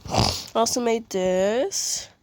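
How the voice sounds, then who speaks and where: Showing her fan art while nursing a cold, a woman chats casually, sniffling, giggling and rambling apologetically. Her voice is a little high, and she draws out her words.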